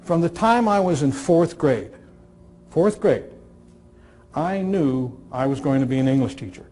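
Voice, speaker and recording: A man in his sixties gives a talk to a live audience through stories. His voice sits a little high, and he builds his points with repetition and well-timed pauses. A dry humor runs through his delivery. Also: expressive, dark tone. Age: 60s. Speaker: speaker on communication skills.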